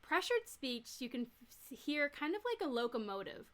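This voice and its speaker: A woman's voice: sits high, sing-song, moderate pace, few pauses. A woman who teaches nurses, giving a recorded lecture and explaining each step plainly with everyday examples. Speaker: nurse educator.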